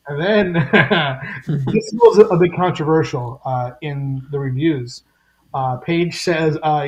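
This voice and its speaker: A man co-hosting a podcast, recapping a comic in an animated storytelling way. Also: fairly high pitch, takes it slowly, lo-fi sound. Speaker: podcast co-host. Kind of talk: casual chat, recapping a comic.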